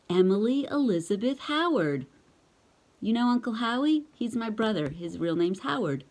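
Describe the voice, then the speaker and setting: A woman's voice: on the high side, very animated, moderate pace, a little mellow, a little hiss or hum. A woman reading a picture book aloud to her child, breaking off for chatty asides and playful hiccup noises. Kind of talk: casual storybook read-aloud.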